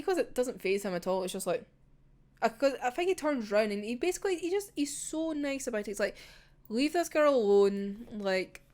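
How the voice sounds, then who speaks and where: A young Scottish woman reviews a manga in casual chat. Her voice sits a little high. She gushes in an animated way and swears freely.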